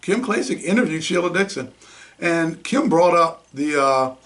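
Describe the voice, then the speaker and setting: A man's voice: a little high, expressive, normal speed, fairly bright tone. A man hosting a political podcast, blunt and mocking. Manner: blunt, mocking, laughs at his own jabs. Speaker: podcast host.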